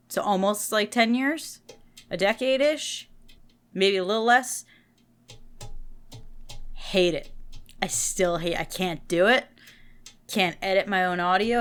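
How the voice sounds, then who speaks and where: A woman co-hosting a podcast in casual chat, chatty and self-deprecating with quick asides, tired and yawning late in the week. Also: mid-range voice, fairly bright tone, smooth. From New Jersey. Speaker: podcast co-host.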